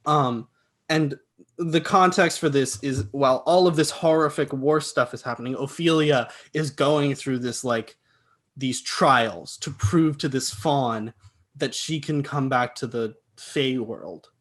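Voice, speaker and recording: A young man co-hosting a podcast, calmly recapping film scenes in a matter-of-fact way. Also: mid-range voice, unhurried. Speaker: podcast co-host. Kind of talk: casual film review chat.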